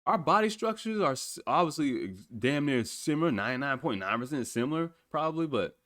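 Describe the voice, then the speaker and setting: A man in his thirties telling stories in a casual, colloquial chat, animated and often laughing, with the odd swear word. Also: a little high, a little fast. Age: 30s.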